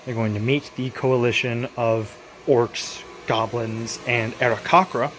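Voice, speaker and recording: A man of ordinary pitch talks casually as a tabletop game master in a home vlog. He rambles and thinks aloud, often correcting himself mid-sentence as he walks through his plans in his basement. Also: steady tone, measured pace, fairly bright tone, slight background noise.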